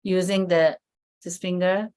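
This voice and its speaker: A woman's voice: fairly low pitch, little pitch movement, a little mellow, clear, resonant tone. Woman demonstrating skincare on a video call. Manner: halting, explanatory, with frequent fillers and restarts. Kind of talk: live product demo on a video call.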